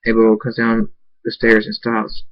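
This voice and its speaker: A man's voice: lowish voice, monotone, unhurried, no echo, highs cut off. A man reading a fan story aloud, stumbling and restarting words often. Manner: hesitant reading with frequent restarts. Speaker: narrator.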